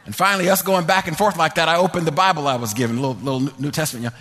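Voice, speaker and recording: A man's voice: a little high, fairly even intonation, rapid-fire. A man preaching a sermon, telling a story with fervor and leading a prayer in a church. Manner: fervent storytelling, then quiet prayer. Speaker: pastor.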